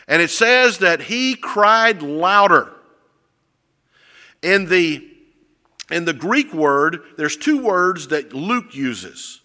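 Animated man preaching in a reverberant hall. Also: a little high, slow. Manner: animated storytelling, acting out voices and shouting. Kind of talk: sermon.

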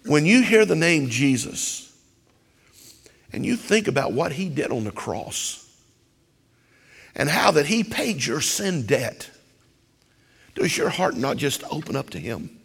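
Male pastor, sermon delivery, lively swooping pitch, gravelly edge, long church reverb. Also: slow pace, long pauses. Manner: impassioned preaching, building to loud cries.

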